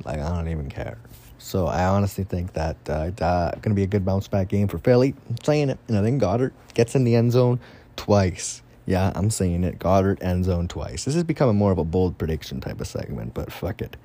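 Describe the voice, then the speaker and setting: Profane, excitable young man with a mellow low voice. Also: brisk. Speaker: fantasy football podcaster. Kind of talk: casual solo commentary.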